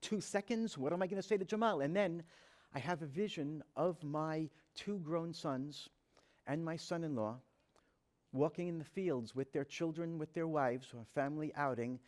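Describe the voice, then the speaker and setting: Male speaker, slightly high register, earnest storyteller at a talk, dramatizes the dialogue he quotes. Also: normal speed, a little mellow. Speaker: rabbi giving a talk. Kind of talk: personal storytelling to an audience.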